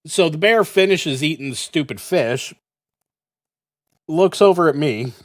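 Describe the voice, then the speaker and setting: A man's voice: on the high side, animated, unhurried. A man hosting a gaming channel, telling a rambling, profane story full of fillers. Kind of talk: casual storytelling while playing.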